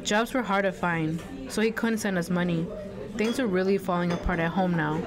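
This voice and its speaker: A woman's voice: fairly low pitch, fairly even intonation, moderate pace, crowd noise, lightly acted. A young woman voicing an earnest, worried seventeen-year-old girl who also narrates. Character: seventeen-year-old Mexican-American girl, responsible and stressed. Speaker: narrator and lead.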